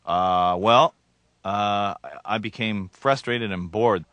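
Man, comedian guest, wry rambling stories, low forceful voice, dry close sound. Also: slow, dry recording. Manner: wry, rambling, chuckling storyteller. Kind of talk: casual interview talk.

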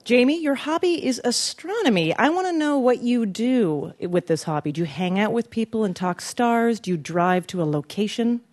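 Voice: mid-range voice, lively intonation, moderate pace, hardly any pauses, darkish tone. A host of a live game show who introduces contestants and teases them with upbeat banter. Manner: upbeat, teasing banter with guests. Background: audience laughter.

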